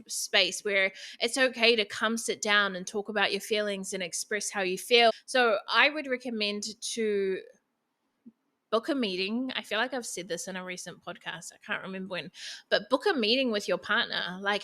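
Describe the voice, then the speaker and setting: A woman's voice: medium pitch, moderate pace, sharp tone. A young woman hosting a podcast, giving frank relationship advice in a chatty, casual way, full of fillers and quoted asides. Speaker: podcast host.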